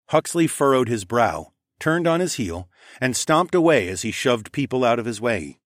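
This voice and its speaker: A man's voice: medium pitch, big pitch swings, normal speed, dry recording, studio quality. A man narrating a fantasy audiobook in the first person, conversational and wry with casual swearing.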